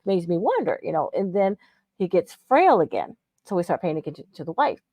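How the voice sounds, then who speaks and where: A woman's voice: lowish voice, big pitch swings, a little fast, mellow, no room sound. A woman co-hosting a live podcast, telling stories in a chatty way and often chiming in to agree. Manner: chatty storyteller, backs up her co-host with short agreements. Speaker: podcast co-host. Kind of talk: casual chat on a live podcast.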